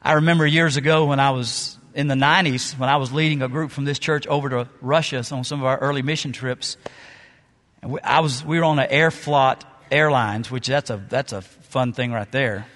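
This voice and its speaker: A middle-aged male pastor preaching a sermon, telling stories with dramatic pauses and swings between loud and soft. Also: medium pitch, steady tone. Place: church sanctuary. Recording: long reverb of a large hall.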